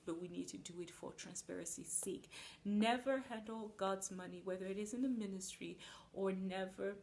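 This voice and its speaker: A woman's voice: medium pitch, moderate pace, gravelly, a little mellow, slight background noise. A woman preaching a sermon, earnest and emphatic, acting out little asides.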